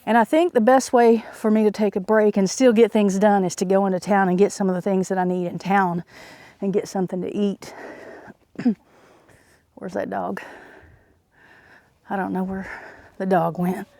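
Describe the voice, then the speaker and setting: A homesteader vlogger from Oklahoma speaks casually while working outside on her farm, rambling with many fillers and a touch breathless. Her mellow, mid-range voice shows little pitch movement at a moderate pace.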